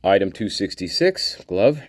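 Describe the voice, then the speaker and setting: A man hosting a channel and commenting casually on documents, rambling, repeating himself and addressing his viewers warmly. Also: sits low, very animated, a little slow, dry recording. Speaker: channel host.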